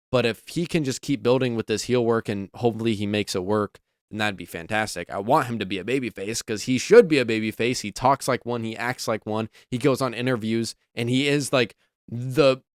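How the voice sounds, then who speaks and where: A man's voice: medium pitch, moderate pace, no room sound, studio quality. Opinionated man rambling on wrestling. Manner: rambling and opinionated, many fillers. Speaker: wrestling show reviewer. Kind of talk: casual commentary.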